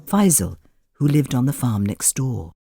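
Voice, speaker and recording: A man reading a children's storybook aloud in a gentle, expressive manner. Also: medium pitch, unhurried, creaky, faint music behind. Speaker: narrator. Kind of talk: storybook narration.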